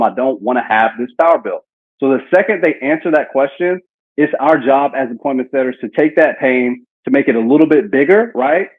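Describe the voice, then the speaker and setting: In a medium-pitched, husky voice, a man leads a live sales training session, coaching his team on cold-call lines and performing example phone dialogue. The recording has a tinny, phone-call quality.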